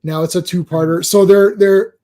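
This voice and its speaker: Mellow-voiced man rambling through a review. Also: high voice, steady tone. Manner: halting, many restarts and filler ums. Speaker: podcast host. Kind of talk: casual chat reviewing a cartoon.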